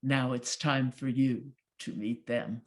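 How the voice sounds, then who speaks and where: A woman's voice: a bass voice, steady tone, slow. A woman storyteller performing a folk tale, animating it with character voices and straining sounds.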